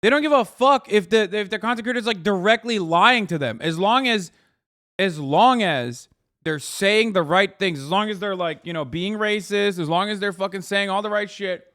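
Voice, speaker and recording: A man's voice: sits high, normal speed, bright, forceful tone. A man hosting a live stream, ranting casually and heatedly at his chat, swearing often and mocking his critics in put-on voices. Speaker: streamer host. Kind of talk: casual political rant to chat.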